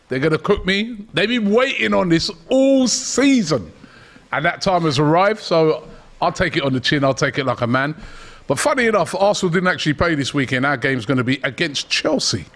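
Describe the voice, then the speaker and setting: Lively, good-humoured male host. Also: a little high, moderate pace. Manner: good-humoured, self-mocking. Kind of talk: casual chat.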